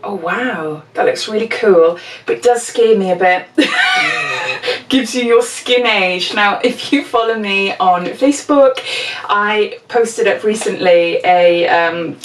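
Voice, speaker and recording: A woman's voice: mid-range voice, recorded from a distance. A woman in her forties, a beauty vlogger chatting casually while unboxing, gushing and exclamatory with frequent laughs. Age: 40s. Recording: echoey room, mic set back.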